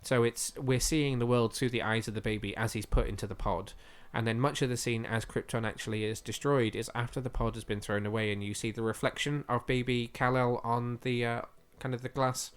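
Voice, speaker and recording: A man's voice: medium pitch, steady tone, fairly quick, few pauses, clear, resonant tone. A man co-hosting a podcast, chatting eagerly with lots of fillers, his voice slightly going. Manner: chatty and enthusiastic, with frequent fillers. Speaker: podcast co-host. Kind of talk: casual podcast chat.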